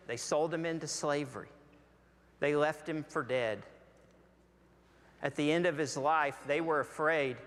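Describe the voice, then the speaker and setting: A man with a Southern American accent preaching a sermon as pastor, slow and deliberate with long pauses. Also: a little high, a bit bright. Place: large church sanctuary. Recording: long hall reverb.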